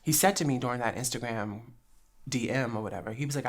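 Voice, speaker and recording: A woman's voice: very deep voice, fast. A woman from New Jersey hosting a podcast, telling a story with lots of laughs and acted-out quotes. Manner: animated, acts out quoted dialogue, frequent laughs. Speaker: podcast host. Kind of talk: casual storytelling chat.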